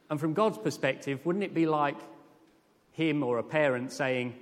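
A man preaching a sermon with earnest, lively emphasis that rises to emphatic peaks. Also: fairly high pitch, moderate pace. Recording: long hall reverb.

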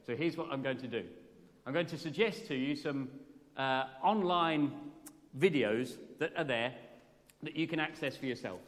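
A man's voice: mid-range voice, moderate pace. A man preaching a morning sermon in an earnest, conversational way, often putting questions to the congregation. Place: church during a morning service. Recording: long reverb from a church hall.

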